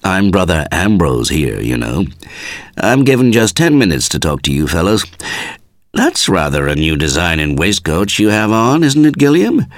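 A man's voice: low-pitched, very animated, moderate pace, dry recording. A man voicing a cheerful, serene young monk who talks easily and soothingly in a read-aloud story. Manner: easy, soothing, gently teasing.

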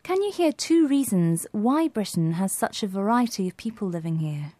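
A woman co-presenting a scripted educational podcast, posing questions and explaining clearly. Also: medium pitch, expressive, moderate pace, dark tone, dry recording. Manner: clear, quizzing.

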